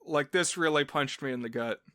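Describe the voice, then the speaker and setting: A man's voice: on the high side, fairly quick, fairly bright tone, no echo, studio quality. A man co-hosting a film podcast, chatting casually and explaining at length with playful asides. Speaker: podcast co-host.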